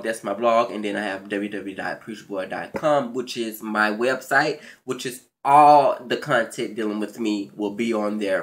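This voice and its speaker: Sassy, bright-voiced man doing a show recap. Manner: sassy, profane and animated, with big swings in pitch and loudness; stammers and restarts when excited. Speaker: YouTube show recap host. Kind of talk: casual reality-TV recap commentary.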